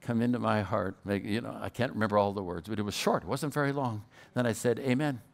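A man's voice: lowish voice, fast talker, creaky. Older man, guest preacher, storytelling sermon, occasional stutter, restarts his phrases. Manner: stutters, repeats words at times.

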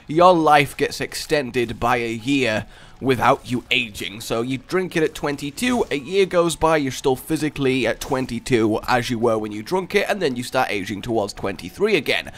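A man's voice: medium pitch, expressive, moderate pace, fairly bright tone. A young man giving casual gameplay commentary as a video host, rambling playfully through silly tangents. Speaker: let's play host.

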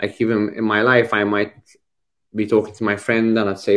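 A man's voice: on the low side, monotone, moderate pace, a bit bright. Man giving a thoughtful lecture. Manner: thoughtful, many restarts and repetitions. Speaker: psychiatry lecturer. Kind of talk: conversational teaching talk.

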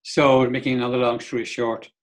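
An older man from Donegal chatting as an interview guest. He talks at a middle pitch and winds through long anecdotes. He often slips into quoting other people mid-story. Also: little pitch movement, fairly quick. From Donegal, Ireland. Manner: rambling storyteller who acts out others' lines. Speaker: guest, Irish dance teacher. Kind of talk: casual interview chat.

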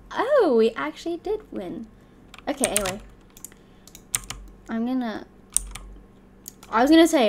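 Excitable young woman gaming commentary. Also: fairly high pitch, slight background noise. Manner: excitable, loud exclamations, talks to herself. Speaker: gaming channel host. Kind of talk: live gameplay commentary.

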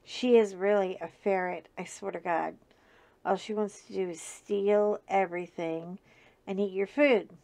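Slow, chatty laughing woman host. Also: medium pitch, fairly even intonation, gravelly, mellow. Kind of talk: casual chat.

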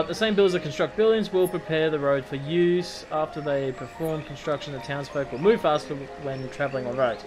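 Aussie guy doing a chatty game tutorial, reads stuff out loud, swears a bit, slightly high voice, music going behind him. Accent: Australian. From Australia. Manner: rambling, chatty, reads on-screen text aloud, swears casually. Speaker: gameplay commentator. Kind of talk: casual let's-play tutorial commentary. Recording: music playing under the voice.

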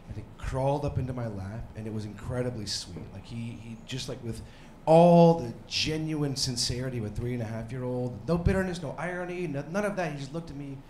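A man in his thirties performing a stand-up comedy set, rambling and self-deprecating, now and then breaking into mock yelling. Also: medium pitch, brisk, slight background noise. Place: comedy club stage. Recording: roomy club with faint crowd ambience.

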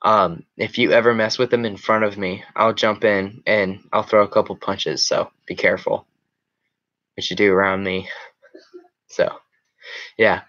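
A man's voice: fairly low pitch, level tone, measured pace, long pauses, fairly bright tone, lo-fi sound. A young man hosting a casual live chat with viewers, rambling with many fillers and restarts. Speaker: show host.

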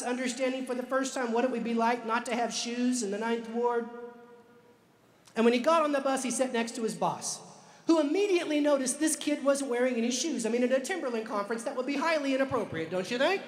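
A man telling a story to a live audience, slowing down for emphasis like a dramatic storyteller. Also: very high-pitched. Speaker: author and speaker. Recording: echoey hall with long reverb.

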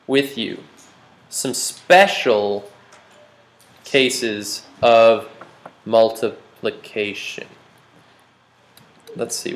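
A man's voice: mid-range voice, a bit bright. A man teaching a math class, joking and quizzing his students as he works problems. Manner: playful, jokey, asks the class questions. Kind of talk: classroom lecture.

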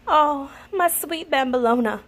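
A woman's voice: sits high, measured pace, voice pushed up. A woman voicing a kind, motherly old female village witch who talks soothingly and slips in Italian words. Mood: gentle.

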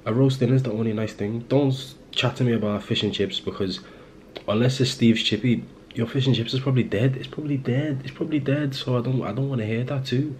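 Indoors at home, a young Liverpool man vlogs in a rambling, self-deprecating chat, full of fillers and false starts. He speaks quickly in a steady, darkish mid-range voice, and the rough recording carries slight background noise.

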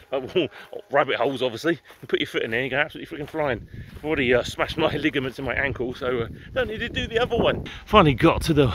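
A man's voice: mid-range voice, a bit bright, slight background noise. A man with an English accent, chatting casually and rambling as he walks outdoors through gardens for a vlog, with the odd swear word. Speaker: vlogger. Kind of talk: casual walking-tour vlog. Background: faint outdoor ambience with distant garden machinery.

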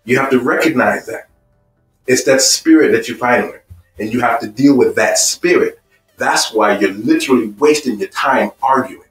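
A man's voice: medium pitch, normal speed. A man leads a marriage seminar in a roomy, echoing hall and speaks from some distance off the mic. He asks his audience question after question. Faint music hums underneath. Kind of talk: church seminar teaching. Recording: echoey room, voice from afar, faint music.

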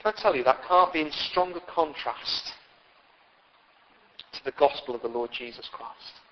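Male pastor, high voice, lively sermon with jokes, dull reverberant church recording. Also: moderate pace, a little hiss or hum. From Britain. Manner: lively preaching with humorous asides to the congregation. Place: church hall with long reverb.

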